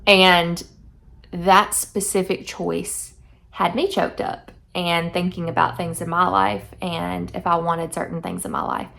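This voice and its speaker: Gravelly-voiced woman chatting about a book. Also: on the low side, a little slow, fairly bright tone. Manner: chatty, effusive, reads passages aloud. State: teary-eyed. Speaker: book vlogger. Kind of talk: casual book review vlog.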